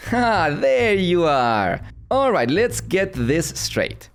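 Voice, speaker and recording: A man's voice: high voice, sing-song, takes it slowly, gravelly, a little hiss or hum, exaggerated voice. A man voicing a smug British negotiator in a cartoon, mocking and laughing at his rival. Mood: gloating.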